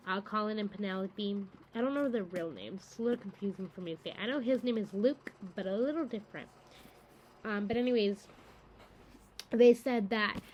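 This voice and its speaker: A woman's voice: a little high, darkish tone, poor audio. Rambling, chatty young-sounding woman. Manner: rambling and enthusiastic, many fillers. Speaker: book-reading channel host. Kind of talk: casual chat to camera.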